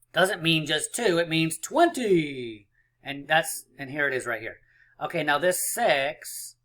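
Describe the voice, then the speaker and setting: A man's voice: on the high side, pushed and bright. A male teacher leading a counting lesson for young children, encouraging and playful as he counts dots aloud.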